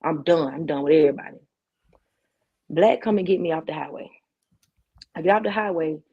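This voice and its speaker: Talk show guest: low-voiced woman telling her story with punchy slang on a dull lo-fi recording. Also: fairly quick, breathy edge. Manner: vivid storytelling with street slang and repetition.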